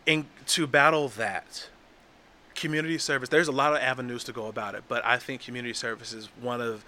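Earnest bright-voiced man in casual talk. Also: mid-range voice, fairly even intonation. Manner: earnest, halting restarts. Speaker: guest. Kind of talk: casual podcast conversation.

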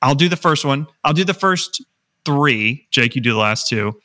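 A man's voice: mid-range voice, animated, normal speed, bright, forceful tone. A man hosting a casual podcast, chatty and joking, with lots of fillers and restarts. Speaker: podcast host.

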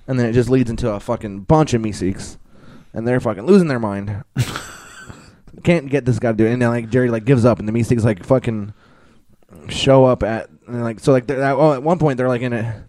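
A man's voice: mid-range voice, a little fast, dark tone, no room sound. A young man in casual chat, rambling through a story with constant filler words, swearing and laughter. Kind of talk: casual chat recapping a cartoon.

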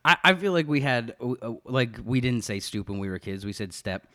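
A man's voice: mid-range voice, expressive, moderate pace, a bit bright, no echo, clean studio sound. A man from Philadelphia talking casually as a podcast co-host, with lots of fillers. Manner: chatty, many fillers, reads some passages aloud. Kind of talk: casual chat.

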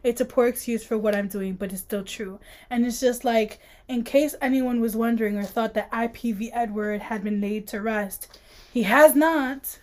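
A woman's voice: a little high, fairly even intonation, moderate pace, darkish tone. A woman co-hosting a casual podcast, reading book passages aloud and joking, laughing often. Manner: reads dramatically, laughs often, playful. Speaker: podcast co-host.

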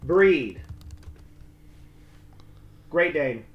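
A man's voice: fairly high pitch, animated, extremely slow, roomy sound, muffled recording. A man in his twenties co-hosting a casual podcast, rambling and laughing often as he tells stories. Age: 20s. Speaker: podcast co-host. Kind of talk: casual chat with ad reads.

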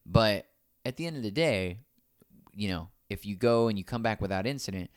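A man with a smooth, fairly low voice speaks at normal speed while co-hosting a casual podcast. He curses freely and brings his stories to life by abruptly imitating the people in them, recorded at studio quality with no room sound.

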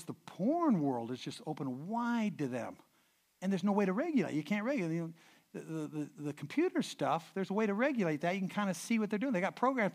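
A middle-aged male preacher with a fairly high voice. He tells stories to a congregation in a loose, stop-start way, repeating words as he goes. He drops to a hush, then swells loud to drive his points home. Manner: animated storyteller, swings from hushed to loud emphasis; frequent repeated words and restarts. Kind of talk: sermon with anecdotes.

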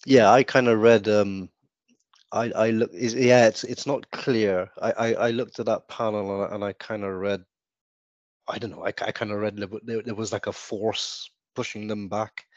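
A man guesting on a podcast, talking about comics in a hesitant, soft-spoken way with many restarts. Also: lowish voice, fairly even intonation, normal speed, dry recording, muffled recording. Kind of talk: casual chat about comics.

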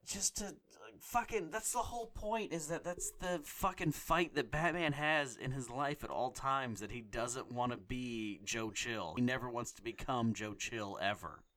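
A man ranting with exasperated, profane energy in a casual conversation. His voice sits at an ordinary middle pitch and keeps climbing into outraged bursts. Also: unhurried, hardly any pauses, a bit bright.

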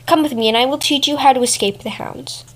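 A woman's voice: high-pitched, fast. A woman voicing a proud, mocking male fox in a storybook reading. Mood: boastful. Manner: haughty and mocking.

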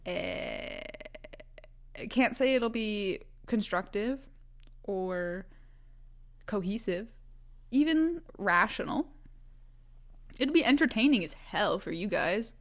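A woman's voice: medium pitch, animated, takes it slowly, pauses often. A young woman from Vancouver Island in Canada hosting a casual solo podcast, chatty and self-mocking, often laughing and restarting her sentences. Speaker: podcast host.

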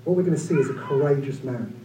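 A man around forty, preaching a sermon in an animated, conversational way with humorous asides. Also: fast, a little hiss or hum. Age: about 40. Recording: echoey room from far off, low-quality.

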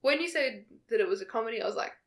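A woman co-hosting a podcast in casual chat, an animated storyteller who laughs often. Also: on the high side, racing. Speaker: podcast co-host.

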